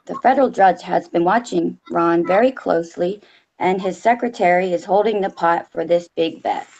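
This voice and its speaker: A woman puts on a smug Southern gentleman who brags about his connections in a read-aloud story. The voice sits fairly low and is delivered in an unhurried, showy way. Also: muffled recording. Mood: boastful. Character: smug Southern gentleman man, boastful fixer. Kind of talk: reading a mocking story aloud.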